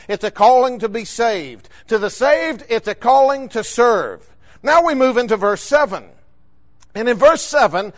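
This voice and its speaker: A man delivers a sermon from the pulpit, recounting a story with emphatic, rhythmic phrasing. His speaking voice sits unusually high for a man. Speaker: preacher.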